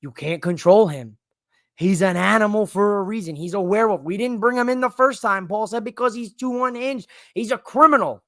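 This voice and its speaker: A man's voice: sits high, a little fast, no room sound. A man hosting a solo livestream from his home studio, rambling and joking with hype as he recaps the night's wrestling. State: out of breath. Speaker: wrestling show host. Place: home studio in a living room. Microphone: livestream mic.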